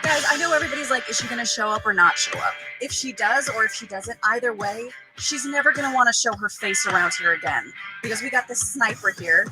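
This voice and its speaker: A woman's voice: fairly high pitch, fast, loud music behind the voice, low-quality recording. A woman cutting a trash-talk promo, boastful and taunting.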